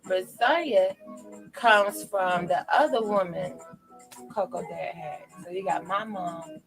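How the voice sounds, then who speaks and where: A woman's voice: lowish voice, slow, gravelly, music in the background, poor audio. Chatty woman hosting a tarot stream. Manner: laughs often, animated and chatty. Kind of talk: casual live-stream chat.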